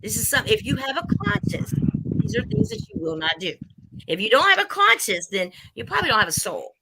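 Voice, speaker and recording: A woman's voice: sits high, quick pace, gravelly, heavy background noise. A woman in her fifties hosting a casual spiritual chat, telling stories and acting out the quotes in them. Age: 50s. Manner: animated storytelling, acting out quotes. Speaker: host.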